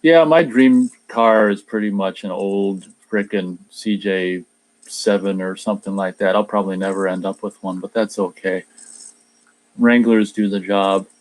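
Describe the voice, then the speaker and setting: Male host, lowish voice, casual and rambling, reads chat comments and restarts his sentences a lot. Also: fairly even intonation, unhurried. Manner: rambling, repeats words when starting sentences; tries a mock Australian accent in a few short bits. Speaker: radio show host reading live chat.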